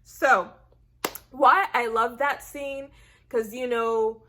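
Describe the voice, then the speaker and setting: A woman recapping a TV episode in a casual, animated way, acting out her own reactions and leaning on "like" and "I said". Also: on the high side, very slow, slight background noise. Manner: chatty, heavy use of "like" and "I said". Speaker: TV recap vlogger.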